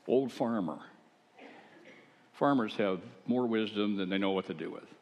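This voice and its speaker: An older man, a pastor, preaching a sermon in a relaxed, conversational storytelling manner with asides. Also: fairly low pitch, measured pace, in a large hall.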